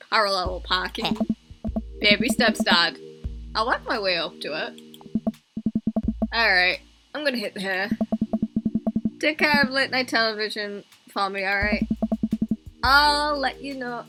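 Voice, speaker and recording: A woman streaming a dating game, reading its dialogue aloud with animated reactions and frequent laughter. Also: fairly high pitch, low-quality recording. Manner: animated, laughs often, gushes emotionally. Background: game music.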